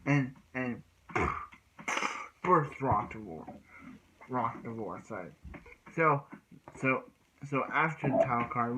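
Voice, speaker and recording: Bright-voiced man recapping rambly. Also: mid-range voice, slight background noise, poor audio. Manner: rambling, with frequent restarts and "he's like" retellings. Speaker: anime episode reviewer. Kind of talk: casual episode recap.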